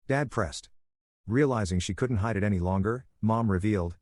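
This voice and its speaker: Brief: male story narrator, lowish pitch, dry close-mic sound, even delivery. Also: normal speed, dry recording. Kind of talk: first-person story narration.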